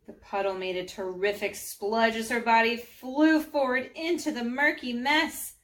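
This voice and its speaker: A woman reading a children's storybook aloud, gently, sometimes speaking directly to young listeners. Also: on the high side, fairly even intonation, a little slow. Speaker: storybook narrator.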